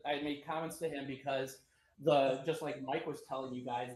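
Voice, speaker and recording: Man, somewhat high voice, animated rambling storyteller, roomy echo. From Chicago. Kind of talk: casual chat.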